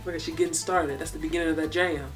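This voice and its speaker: A woman's voice: low voice, fairly even intonation, fast, far from the mic, over loud music. A young woman vlogger answering viewer questions in a casual, laid-back way, breaking off to talk to her baby. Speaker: beauty and hair vlogger. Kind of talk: casual Q&A vlog.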